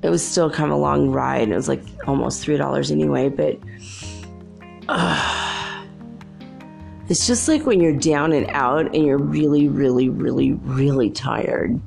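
A woman's voice: deep voice, measured pace, creaky, darkish tone, faint music behind. A woman hosting a show, telling chatty, rambling stories in a casual monologue and laughing often. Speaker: show host.

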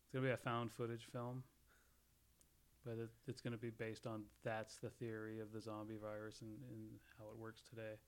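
A man's voice: fairly low pitch, completely flat delivery, brisk, clear, resonant tone. A man in casual podcast chat, rambling through jokey theories with frequent laughs and restarts.

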